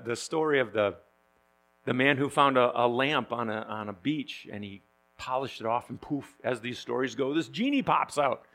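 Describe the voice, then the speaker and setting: Brief: man preaching, folksy and joking, halting with fillers, fry in the voice. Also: mid-range voice, a bit bright. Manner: conversational and joking, with frequent fillers and restarts. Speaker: pastor. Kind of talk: sermon.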